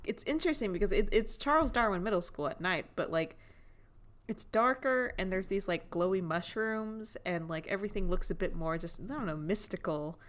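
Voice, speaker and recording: A woman's voice: medium pitch, lively intonation, normal speed. A woman co-hosting a casual podcast, summing up cartoon plots and quoting characters. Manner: plain plot summary, quotes characters. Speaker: podcast co-host. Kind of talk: casual chat.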